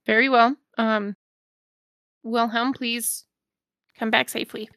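A man voicing an unsure young woman captain, soft and timid. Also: extremely high pitch, level tone, takes it slowly, smooth, no echo, clean studio sound, pitched above the performer's own voice, heavily acted.

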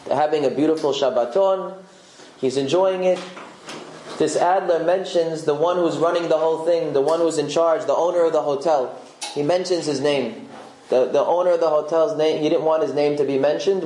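A man's voice: on the high side, moderate pace, a little hiss or hum. Man telling a story in an echoey room. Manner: animated, acting out the dialogue. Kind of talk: oral storytelling.

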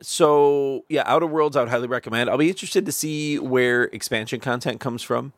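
A man's voice: mid-range voice, a little fast, no echo, clean studio sound. A man co-hosting a casual podcast chat, rambling and enthusiastic, swearing now and then. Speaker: podcast co-host.

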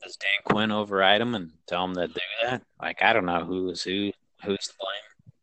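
A man's voice: low voice, fairly even intonation, normal speed, sharp tone, no echo, low-quality recording. A man co-hosting a casual sports podcast, talking in an easygoing, agreeable way. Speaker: podcast co-host.

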